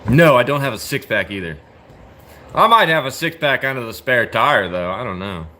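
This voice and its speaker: A man's voice: medium pitch, big pitch swings, moderate pace, bright, forceful tone, slight background noise. An American man in his thirties, chatting casually with a livestream chat in a blunt, joking, profane way full of slang. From United States. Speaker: livestream host answering chat.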